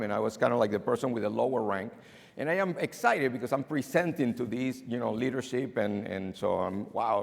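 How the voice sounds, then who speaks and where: With a creaky, mid-range voice, a man from abroad delivers a keynote conference talk, animatedly acting out the dialogue in his stories. The banquet hall gives the recording a long reverb.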